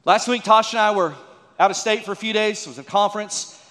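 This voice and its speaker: High-voiced pastor preaching in echoing hall. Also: male voice, brisk, sharp tone. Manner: folksy, joking asides with audience prompts. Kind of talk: sermon.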